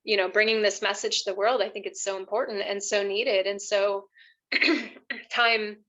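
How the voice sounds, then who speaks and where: A woman's voice: medium pitch, steady tone, normal speed, a bit bright. A woman love coach, a podcast guest, talking earnestly in a casual conversation, emotional and choking up a little, with many fillers.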